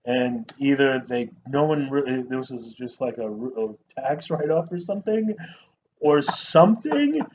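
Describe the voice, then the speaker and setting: A man's voice: mid-range voice, a little slow. Swearing man reviewing movies, lo-fi. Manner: animated, swears a lot, mimics actors. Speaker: co-host of a movie review show. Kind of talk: casual profane movie review chat. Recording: dull lo-fi sound with faint noise.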